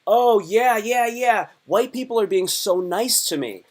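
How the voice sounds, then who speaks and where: A man hosts a live stream in a loose, comic chat with his viewers. His voice sits a little high for a man. He rambles, restarts his sentences and jokes around as he goes. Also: lively intonation, a little slow. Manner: rambling, self-interrupting, playful joking.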